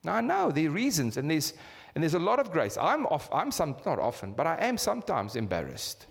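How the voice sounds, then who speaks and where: A South African man in his fifties preaches in a church hall with a long, ringing reverb. His voice sits fairly high and swings widely as he fires repeated rhetorical questions at the congregation. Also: huge pitch swings, brisk, vocal fry, husky. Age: 50s. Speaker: pastor. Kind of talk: sermon.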